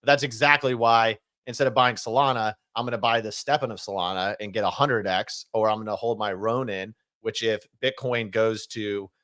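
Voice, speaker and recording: A man's voice: fairly low pitch, fairly bright tone, no room sound. A man co-hosting a casual podcast chat, talking loosely with lots of fillers and restarts. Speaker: podcast co-host.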